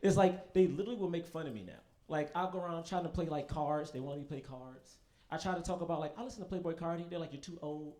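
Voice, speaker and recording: A young man performing a stand-up comedy set, telling profane, animated stories with quick asides to the audience. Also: fairly high pitch. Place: comedy stage in front of a live audience.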